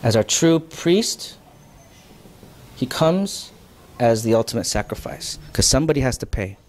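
A man delivering a sermon in a church, speaking at an everyday mid pitch. He talks in a loose, chatty way with asides and questions to the room, then leans hard into his key points. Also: lively intonation, measured pace, a little mellow, slight background noise. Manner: conversational preaching, rising to emphatic. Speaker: pastor. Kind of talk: sermon lecture.

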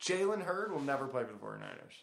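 A man's voice: mid-range voice, sing-song, quick pace, gravelly, a crowd in the background. A man co-hosting a casual sports podcast, speaking in loose, hesitant, profane banter. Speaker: podcast co-host.

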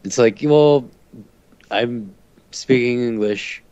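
A man's voice: medium pitch, slow pace, a little mellow, clean tone, no echo, dull audio. A man co-hosting a podcast, talking in a laid-back, slangy way. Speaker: podcast co-host. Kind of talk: casual chat.

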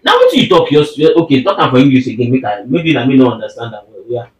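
A man's voice: mid-range voice, fast talker, darkish tone. Insistent Nigerian man speaking Pidgin. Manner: insistent, keeps demanding plain explanations in Pidgin. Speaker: husband. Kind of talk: casual argument between spouses. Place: room at home. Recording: roomy and distant.

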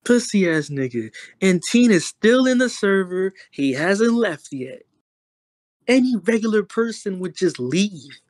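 A young man rambles through a roast in slow, slangy, profane talk, full of fillers and exasperated sighs. His voice sits in a middle pitch and sounds dry and close to the mic. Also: very animated, darkish tone, dry recording. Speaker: online streamer. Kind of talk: casual roast on a voice chat.

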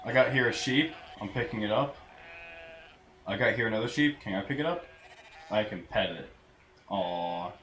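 A man's voice: on the low side, lively intonation, unhurried. Crude, swearing male gamer commentating. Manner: crude, swearing, sudden loud outbursts. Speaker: let's play gamer. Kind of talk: casual gameplay commentary. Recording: roomy echo, faint noise.

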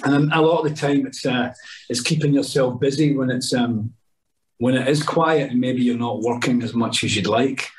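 A man's voice: mid-range voice, normal speed, a little hiss or hum. A middle-aged Scottish man, an actor, telling rambling anecdotes on a podcast, with lots of restarts and asides. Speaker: actor guest. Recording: voice a bit distant from mic.

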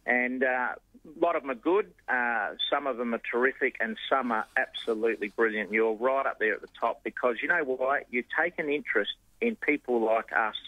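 A businessman talks on a radio show in an effusive, salesy manner and often stumbles and repeats words. His voice comes through a thin, phone-like line that is dry, at a middle pitch. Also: normal speed, dry recording. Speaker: business owner, advertiser. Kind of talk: on-air chat.

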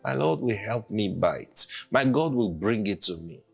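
A man's voice: on the low side, animated, moderate pace, gravelly, slightly rough. A man preaching an emphatic sermon and leading the congregation in call-and-response. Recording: faint music behind.

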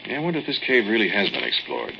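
A man's voice: lowish voice, huge pitch swings, very fast, dull audio. A plain-spoken man in a cave. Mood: easygoing. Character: easygoing man sheltering from rain in a cave. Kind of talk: 1940s radio acting. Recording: scratchy old radio disc.

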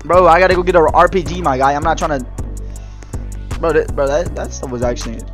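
A young man doing loud, trash-talking commentary over game voice chat, laughing a lot. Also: fairly high pitch, fairly quick, soft background music. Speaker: gaming streamer.

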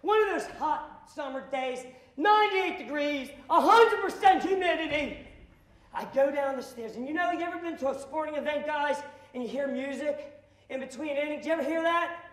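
A man speaking as a motivational speaker to students, telling a story with lots of energy. He acts out the dialogue and now and then bursts into shouts. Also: extremely high pitch, normal speed, roomy sound. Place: school auditorium.

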